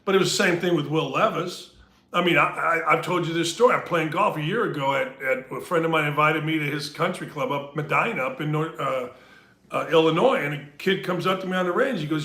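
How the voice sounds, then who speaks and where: Bright, animated man hosting sports talk. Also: fairly high pitch, fast talker, reverberant. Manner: animated, jokey, addresses listeners. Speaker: podcast host.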